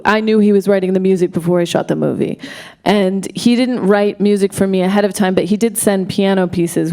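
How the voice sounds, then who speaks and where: Woman, film director, live panel Q&A, lowish voice, halting restarts, excited tumbling stories. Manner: halting, full of restarts and self-corrections. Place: stage at a film festival event.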